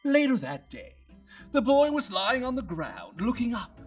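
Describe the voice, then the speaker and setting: A woman telling a bedtime story slowly and expressively. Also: on the high side, muffled recording. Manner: slow, very expressive, hushed at times. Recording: distant mic, soft music behind.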